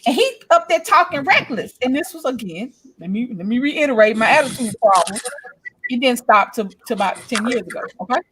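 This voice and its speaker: A woman's voice: a little high, big pitch swings, a little fast, fairly bright tone, poor audio. A woman in her forties telling a story in casual chat, blunt and profane, acting out both sides of an argument. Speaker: podcast co-host.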